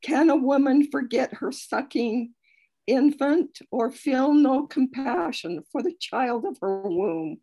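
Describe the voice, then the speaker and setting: Slow, husky high-voiced woman reading scripture. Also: lively intonation, warm tone, poor audio. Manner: slow, careful, heartfelt reading. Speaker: study group member. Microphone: video call.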